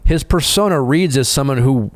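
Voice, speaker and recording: A man hosting a podcast, chatting and explaining his view in a steady, analytical way. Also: medium pitch, normal speed, no room sound, studio quality. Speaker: podcast host. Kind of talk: casual chat.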